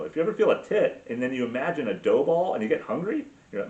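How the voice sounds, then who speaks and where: A man's voice: medium pitch, sing-song, fast talker, few pauses, a little mellow. A man hosting a podcast, ranting crudely and sarcastically, full of swearing and filler words. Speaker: podcast host. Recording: roomy, distant, dull sound.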